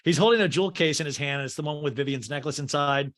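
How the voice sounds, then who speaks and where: A man hosting a comedy podcast, recapping a movie in a jokey, animated way and acting out the dialogue. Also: a little high, quick pace. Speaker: podcast host.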